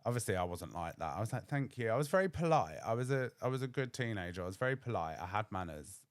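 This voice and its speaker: A man's voice: fairly low pitch, very animated, fast talker, no echo, clean studio sound. A young man, telling a candid personal story on his podcast and acting out other people's voices. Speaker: podcast host.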